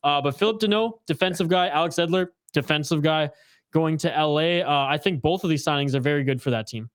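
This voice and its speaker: A young man co-hosting a casual hockey chat, blunt and excitable, swearing now and then. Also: fairly high pitch, a little fast, no room sound, clean studio sound. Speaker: hockey podcast co-host.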